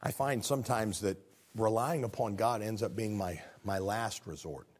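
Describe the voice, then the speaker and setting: An older man preaching a sermon, rising to loud high peaks and dropping low and quiet, often restarting phrases and asking his listeners questions. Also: normal speed. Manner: stumbling restarts, asks the congregation questions. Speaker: pastor.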